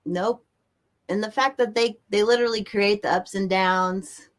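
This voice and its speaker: A woman talks straight to her stream audience, swearing freely and breaking into quick rants. Her voice sits at an ordinary middle pitch for a woman. She keeps it loose and chatty as she answers viewers' comments. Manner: excitable and profane, ranting with nervous laughs. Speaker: livestream host. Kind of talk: casual livestream chat reading viewers' comments. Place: indoors near a bright window.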